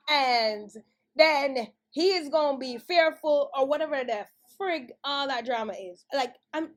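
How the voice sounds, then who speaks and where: A woman's voice: high voice, a little slow. A young woman vlogging in a rambling, emotional monologue, frustrated and swearing as she talks.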